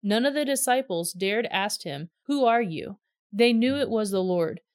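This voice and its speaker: A woman reading a scripture story aloud in steady, measured narration. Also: mid-range voice, dry recording, studio quality. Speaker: reader.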